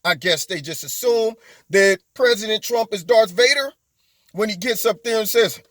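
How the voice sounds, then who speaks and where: A man's voice: high voice, moderate pace, a bit bright, dry recording. A man hosting a political commentary monologue, mocking and emphatic, with rambling asides. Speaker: host of a political commentary channel.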